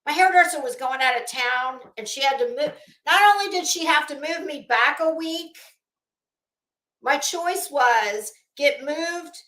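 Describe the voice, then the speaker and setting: A woman's voice: high voice, sharp tone. A woman hosting a casual livestream, chatty and rambling, greeting viewers by name. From Florida. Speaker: livestream host. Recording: echoey room.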